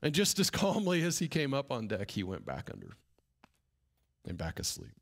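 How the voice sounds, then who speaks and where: A man's voice: medium pitch, moderate pace, gravelly. A man preaching a sermon as a first-person dramatic story, dropping to whispers for suspense. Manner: animated retelling, drops to whispers for suspense. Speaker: pastor.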